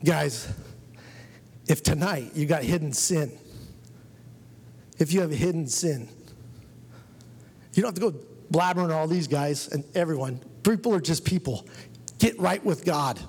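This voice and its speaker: A man's voice: on the high side, a little slow, long pauses, a little mellow, slightly rough. A man giving an earnest personal testimony to a church congregation, telling his story and urging the listeners. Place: church hall. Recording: long reverb of a church hall.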